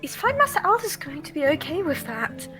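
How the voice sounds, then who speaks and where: A woman playing a tabletop game, speaking in character in a measured, wry way. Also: extremely high pitch, sing-song, music in the background, poor audio. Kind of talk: casual in-character play.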